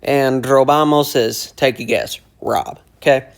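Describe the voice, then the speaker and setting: A man walks through phrases in an easygoing teaching tone, unhurried and deliberate. He repeats words one at a time, pausing to explain each, with a voice of average pitch. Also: steady tone, creaky. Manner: slow, repeats phrases word by word while explaining. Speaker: language teacher explaining song lyrics. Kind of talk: casual lyric breakdown lesson.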